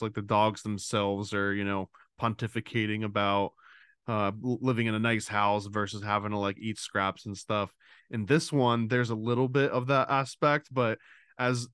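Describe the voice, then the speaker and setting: Man, podcast co-host, smooth clear voice, dry close sound, chatty and keen. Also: on the low side, fairly bright tone, no echo. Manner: enthusiastic, chatty, many fillers. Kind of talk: casual chat.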